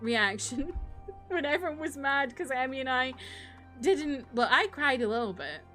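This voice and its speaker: A woman's voice: high voice, lively intonation, moderate pace, a bit bright, soft background music. A young woman streamer chatting casually and sarcastically while she plays, ranting with frequent laughs. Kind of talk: casual live-stream chat while gaming.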